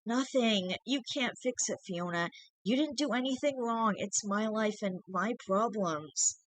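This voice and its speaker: A reader voicing a sick young man who quietly apologizes while breaking up with his girlfriend. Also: mid-range voice, unhurried, no room sound, voice pushed up, natural voice. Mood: guilty, strained. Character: sick, guilt-ridden young man ending a relationship.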